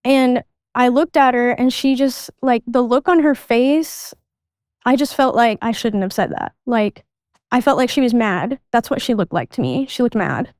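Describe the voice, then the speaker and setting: Young woman, podcast guest, halting candid storytelling, fairly high voice, smooth and clear, dry close mic. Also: a little mellow, no echo. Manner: halting, restarts sentences, reenacts past dialogue. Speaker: guest sharing her life story.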